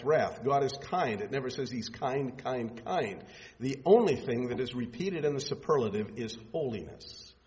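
Man, pastor, sermon, emphatic pauses, long hall reverb, dull muffled sound. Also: medium pitch. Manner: measured, emphatic preaching with pauses.

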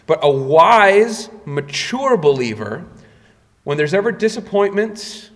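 A man's voice: big pitch swings, slow pace, long reverb tail. A man preaching a sermon as a pastor, with emphatic rises and drops in his delivery. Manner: emphatic preaching with sudden rises in pitch and volume.

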